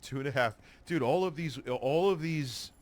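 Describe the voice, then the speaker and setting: A man's voice: fairly high pitch, normal speed, darkish tone. A man streaming a profane reaction, mocking and sarcastic, swearing freely. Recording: noisy stream capture.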